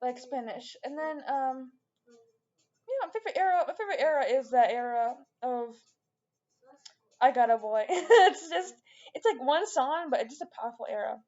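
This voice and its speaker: High-voiced chatty woman, dull lo-fi sound. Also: animated, moderate pace, darkish tone. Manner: rambling, chatty, many fillers and restarts. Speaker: vlogger. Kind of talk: casual chat to camera.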